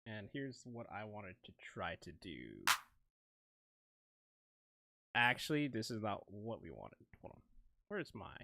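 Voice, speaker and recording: A man's voice: lowish voice, sing-song, normal speed, gravelly, pushed and bright. A young man streaming himself making music, chatting casually, rambling and interrupting himself, often laughing. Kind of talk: casual live-stream talk while producing.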